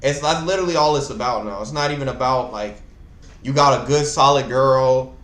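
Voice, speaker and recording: A young man hosting a casual chat, talking in an animated, rambling and slangy way. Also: mid-range voice, fairly quick, roomy sound. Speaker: host.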